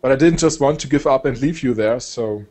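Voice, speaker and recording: A young man from Germany with a German accent, chatting casually as a guest, relaxed and hesitant with many fillers. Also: mid-range voice, fairly quick. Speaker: guest, game shoutcaster. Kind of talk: casual chat.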